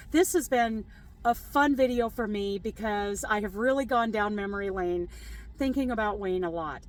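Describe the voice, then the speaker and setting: A woman's voice: on the high side, poor audio. Chatty woman crochet vlogger. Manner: chatty, laughs often while telling stories. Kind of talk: casual chat to camera.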